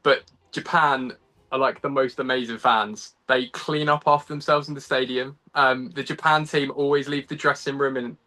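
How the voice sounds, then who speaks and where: A chatty young Englishman with a bright, forceful voice, talking as a guest over a video call. He laughs easily, pokes fun at himself, and fills his talk with ums and false starts. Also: medium pitch, fairly even intonation, normal speed. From England. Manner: chatty and self-deprecating, laughs often, lots of ums and restarts. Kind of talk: casual interview chat.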